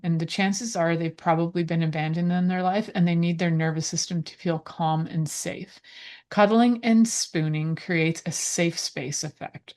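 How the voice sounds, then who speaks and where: A woman's voice: fairly low pitch, darkish tone. A woman hosting a podcast, giving advice in a chatty, playful way with rambling asides. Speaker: podcast host. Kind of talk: casual advice talk.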